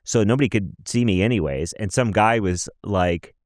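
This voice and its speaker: An American man co-hosting a podcast, telling stories in an animated, casual way. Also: on the low side, normal speed, no echo, clean studio sound. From United States. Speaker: podcast co-host. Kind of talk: casual chat.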